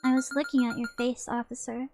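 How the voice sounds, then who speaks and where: A woman voicing an odd, childlike young woman who is a murder suspect, talking in a soft, halting, naive way. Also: a little high, flat delivery, lightly acted. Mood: musing. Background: background music.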